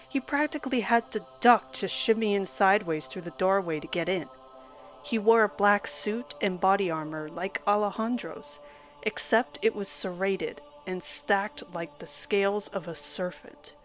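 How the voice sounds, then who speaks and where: A woman narrating a first-person horror story in a dramatic, measured storytelling manner. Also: mid-range voice. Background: soft background music.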